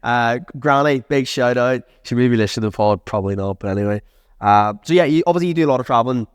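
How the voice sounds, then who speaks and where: A man's voice: medium pitch, fast, clear, resonant tone, no echo, studio quality. A man hosting a podcast, chatting easily and drawing out his guest. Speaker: podcast host. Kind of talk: casual chat.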